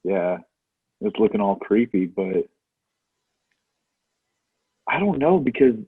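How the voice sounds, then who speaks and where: Male podcast co-host, husky and relaxed, coming through a thin phone-like line. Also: fairly low pitch, takes it slowly, dry recording. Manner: laid-back, says "dude" a lot. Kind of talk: casual movie chat.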